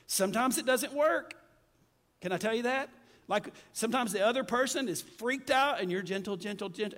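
A man's voice: extremely high pitch, fairly bright tone. A man preaching a sermon to a congregation, talking in a conversational way and calling out for amens. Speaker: pastor. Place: church sanctuary with congregation. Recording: long hall reverb with faint music.

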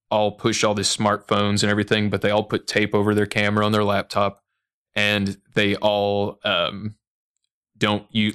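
A man's voice: on the low side, fairly bright tone, clear, resonant tone. A man hosting a podcast, chatting loosely with laughs and swearing. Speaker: podcast host. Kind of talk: casual chat.

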